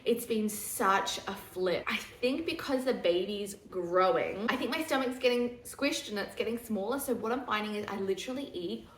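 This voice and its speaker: A young woman talks candidly to camera about her pregnancy, chatty and open, laughing easily. Her voice sits at an ordinary middle pitch. The room around her is noticeably echoey. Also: moderate pace, few pauses. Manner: chatty, candid, laughs easily, drops to a hushed voice for quoted asides. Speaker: vlogger. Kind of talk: casual pregnancy update chat.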